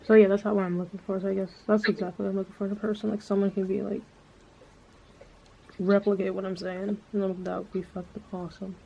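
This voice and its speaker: Lady vlogger rambling and cursing a lot, flat lowish voice, dull lo-fi audio. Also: quick pace, vocal fry. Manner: profane, rambling, lots of filler words. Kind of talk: casual rambling monologue. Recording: dull lo-fi sound with faint background noise.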